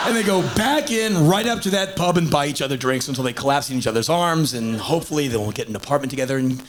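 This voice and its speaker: A man's voice: medium pitch, expressive, quick pace, hardly any pauses. Blunt, punchy male stand-up on tape. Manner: blunt, punchy, swings into acted voices. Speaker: stand-up performer. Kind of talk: stand-up monologue. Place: stage in a large venue. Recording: hissy live tape with audience.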